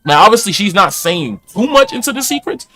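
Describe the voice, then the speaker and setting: A man with a slightly high voice comments casually on a clip he is watching. He keeps his tone laid-back and adds offhand asides. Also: sing-song, brisk, sharp tone. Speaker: host reacting to a clip.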